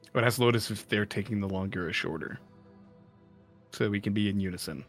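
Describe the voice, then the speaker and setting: A man's voice: on the low side, fairly quick, soft background music. A man playing a tabletop game, speaking hesitantly and carefully about the rules. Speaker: player. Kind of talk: casual tabletop play.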